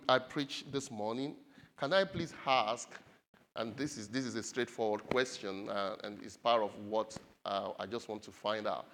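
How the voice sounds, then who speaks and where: A male preacher speaking to his congregation in a church. He reads scripture slowly and with emphasis, pressing hard on the key words. He then moves into fervent, earnest prayer. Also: fairly low pitch, fairly bright tone. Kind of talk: sermon with scripture reading and prayer.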